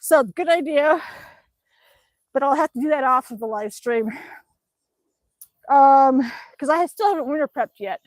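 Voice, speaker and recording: A woman's voice: high voice, measured pace, long pauses, no echo. An older woman chatting on a home live stream while pedalling an exercise bike, laughing often and cooing at her dog. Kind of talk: casual live-stream chat reading comments. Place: at home, indoors.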